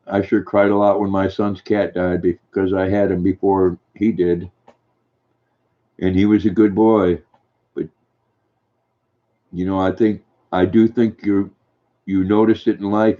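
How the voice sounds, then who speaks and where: An older man hosting a livestream, reading viewer comments aloud and answering them in a gentle, folksy way. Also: low-pitched. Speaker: livestream host reading chat. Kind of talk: casual chat. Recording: dull lo-fi stream audio.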